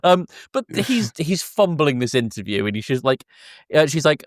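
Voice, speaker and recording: A man co-hosting a podcast, retelling a film scene by scene in casual chat, laughing often and slipping into quick voices for the characters. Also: medium pitch, sing-song, dry recording, clean studio sound. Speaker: podcast co-host.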